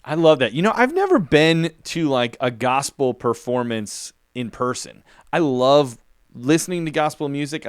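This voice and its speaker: A man's voice: mid-range voice, smooth, dry recording, studio quality. A man co-hosting a podcast in casual chat, enthusiastic and affirming. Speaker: podcast co-host.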